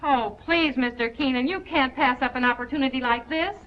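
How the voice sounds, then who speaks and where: A woman's voice: sits high, brisk, natural voice. An actress in a 1940s film playing a spunky young female reporter who argues her case eagerly and insistently, on a dull lo-fi old soundtrack.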